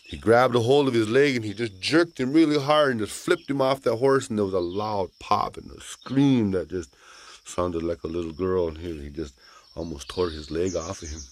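A man telling a traditional story in a folksy, animated way with casual asides. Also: lowish voice, moderate pace.

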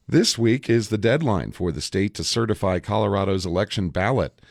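Deep-voiced male radio news host. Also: animated, moderate pace, gravelly, no room sound, clean studio sound.

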